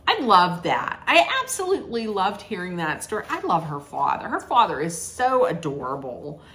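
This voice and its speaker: A woman's voice: fairly low pitch, sing-song, normal speed, sharp tone. A woman giving a casual, sassy recap rant, rambling with many restarts. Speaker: reality TV recap vlogger.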